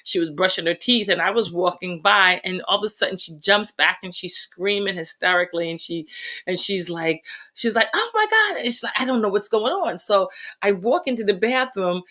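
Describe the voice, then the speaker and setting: A middle-aged woman, a podcast guest, telling lively family stories in a casual chat and laughing through the funny parts. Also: medium pitch, moderate pace.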